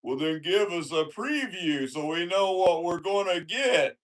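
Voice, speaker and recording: A man's voice: sits high, expressive, unhurried. A man co-hosting a casual call-in chat, teasing and insistently coaxing his guest. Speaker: co-host.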